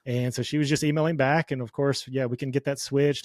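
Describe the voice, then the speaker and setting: A man's voice: mid-range voice, brisk, few pauses, darkish tone, dry recording, studio quality. A man speaking as a podcast guest in an earnest, sincere, motivational way about faith and business. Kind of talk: casual faith-focused conversation.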